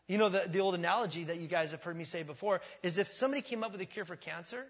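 A male pastor preaching a sermon in a church, emphatic and repetitive, swinging from quiet to loud. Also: sits high, lively intonation, fast, slightly rough. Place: church sanctuary. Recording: long church reverb.

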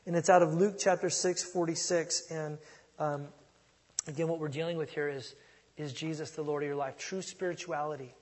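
Middle-aged male pastor, slightly high husky voice, chatty sermon with loud punches, long hall reverb. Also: steady tone, moderate pace. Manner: conversational preaching, swings from soft asides to loud emphasis.

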